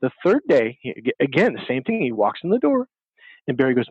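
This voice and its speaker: In an animated storytelling interview, a man who works as a dating coach emphatically performs the voices of the characters in his anecdotes. His mid-range voice is very animated, brisk and slightly rough, and the audio is narrow and tinny with no room sound.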